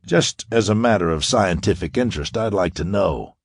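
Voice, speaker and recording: A man playing a calm, brilliant young space hero in a pulp audiobook, speaking with cool assurance. The voice is deep with a lively lift. It is recorded close and dry. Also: normal speed, no room sound.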